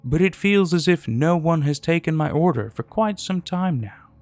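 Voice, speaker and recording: A man's voice: a little high, animated, normal speed, a little mellow, soft background music. A man voicing an eerie, polite middle-aged stranger sitting in a diner. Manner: politely complaining.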